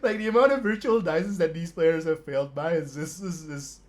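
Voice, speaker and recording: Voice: medium pitch, normal speed, darkish tone. A stream host commentating a tabletop wargame live, laughing constantly and swearing in disbelief at the dice rolls.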